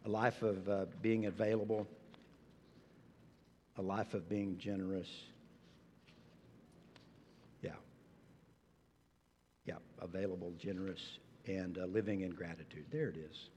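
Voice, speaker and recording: A male pastor delivering a sermon, animated and expressive, sometimes acting out incredulous reactions. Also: low voice, measured pace, pauses often, long reverb tail, a little hiss or hum.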